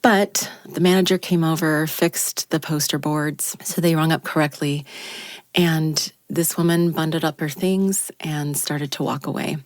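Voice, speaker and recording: Low-voiced woman telling a story. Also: measured pace, dry recording, clean studio sound. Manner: animated, acts out quoted lines with pitch jumps. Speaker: radio show team member. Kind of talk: personal storytelling on a talk show. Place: radio studio.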